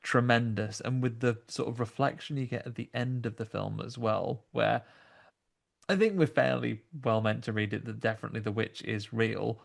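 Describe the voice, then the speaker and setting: A man's voice: medium pitch, normal speed, gravelly. A man, co-hosting a podcast and talking through a horror film in thoughtful, rambling analysis. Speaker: podcast co-host. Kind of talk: casual film review chat.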